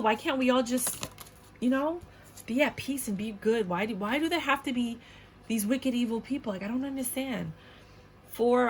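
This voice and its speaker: A woman's voice: mid-range voice, slight background noise. A woman giving a casual tarot reading to viewers, blunt and outspoken, swearing often and repeating her points with indignant emphasis. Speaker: tarot reader.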